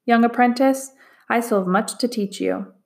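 A woman's voice: on the high side, lightly acted. Woman doing a wise old painter master. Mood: measured. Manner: measured, hushed, dry. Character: wise older male painter master, quiet and stern.

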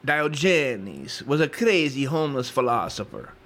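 A man's voice: medium pitch, very animated, measured pace, fairly bright tone. A man hosting a comedy podcast, reading history aloud and riffing in a crude, rambling, profane way. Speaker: podcast host.

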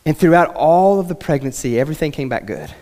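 Impassioned high-voiced male preacher. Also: lively intonation, fast talker. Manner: impassioned, swings between loud and hushed, repeats "I mean". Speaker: pastor. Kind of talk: sermon. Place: church sanctuary. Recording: long reverb of a church hall.

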